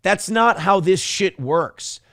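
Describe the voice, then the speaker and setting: A man's voice: high voice, expressive, slow, gravelly, fairly bright tone, no echo, clean studio sound. A man hosting a show, giving blunt, profane, sarcastic commentary over a video clip. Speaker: show host.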